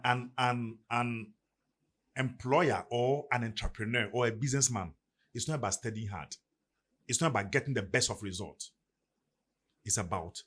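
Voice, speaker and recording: Speaking as a podcast guest, this middle-aged man from Ghana has a mid-range, somewhat bright voice with a breathy edge and a Ghanaian English accent. He gives motivational talk in a preacherly, emphatic style, his delivery swelling and dropping.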